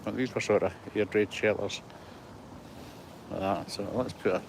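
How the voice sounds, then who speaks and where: A man's voice: lowish voice, steady tone, moderate pace, vocal fry, noisy background. A Scottish man in his sixties giving a rambling, chatty walking-tour vlog with a phone on a gimbal, poking fun at himself. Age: 60s. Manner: chatty, rambling, self-deprecating. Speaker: vlogger. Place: outdoor heritage museum grounds. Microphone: handheld phone on gimbal.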